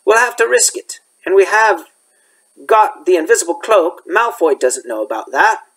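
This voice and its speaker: A man's voice: sits high, expressive, normal speed, a bit bright, husky, far from the mic, pitched above the performer's own voice, heavily acted. A male teacher voicing a determined young schoolboy speaking urgently.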